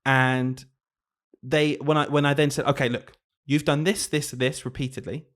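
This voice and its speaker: A man's voice: mid-range voice, level tone, normal speed, fairly bright tone. A man, a primary teacher co-hosting a podcast, telling classroom stories in casual chat and often laughing as he talks.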